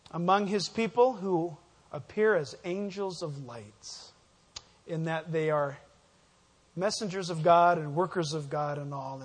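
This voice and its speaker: Male pastor, high voice, emphatic sermon style, asks the room to finish his sentences. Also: slightly rough. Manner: emphatic, asks the congregation fill-in questions. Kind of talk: sermon, verse-by-verse Bible teaching.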